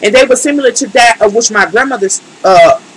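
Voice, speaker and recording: A woman's voice: a little high, fairly quick, fairly bright tone, slightly rough, poor audio. A woman tarot reader in a casual live stream, speaking emphatically and colloquially and talking straight to her chat.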